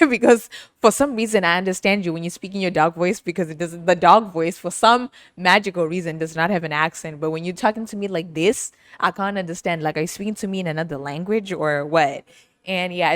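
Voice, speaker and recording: Her voice on the low side, a woman podcast host chats her way through a casual storytelling monologue, full of laughter and playful teasing. The audio has no echo.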